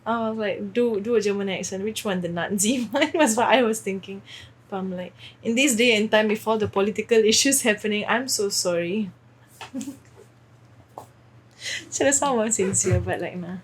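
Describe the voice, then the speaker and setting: A woman's voice: mid-range voice, normal speed, slight background noise. A young woman co-hosting a podcast, teasing and giggly in casual chat. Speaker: podcast co-host.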